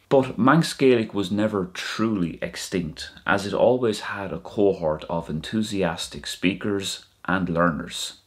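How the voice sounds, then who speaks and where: A man narrating a language lesson, saying each word slowly and clearly and repeating it. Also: low voice. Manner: slow, clear word-by-word pronunciation with repetitions. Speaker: language teacher. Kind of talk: scripted educational narration.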